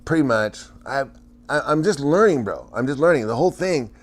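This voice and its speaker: A man's voice: medium pitch, lively intonation, brisk. A man hosting a casual livestream, chatting with viewers in a rambling way, often stammering, restarting and laughing.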